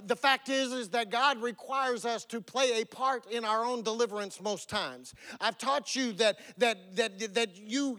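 Man, pastor, high voice, folksy sermon, animated storytelling, stumbles over words.

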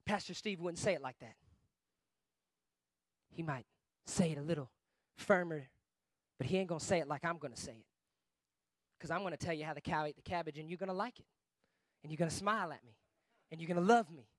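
A man preaching a guest sermon with emphasis, swinging between shouting and quiet asides. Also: fairly high pitch, brisk, long pauses, dry recording.

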